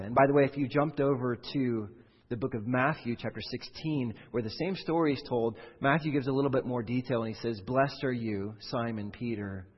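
A man's voice: medium pitch, breathy edge. A man preaching a sermon as pastor, in a conversational way that explains through rhetorical questions. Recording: dull sound with long hall reverb.

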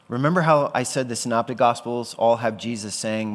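A man's voice: medium pitch, animated, a little fast, few pauses. A man preaching a sermon as pastor, conversational and often asking his listeners questions. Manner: conversational, asks the audience questions. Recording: long hall reverb.

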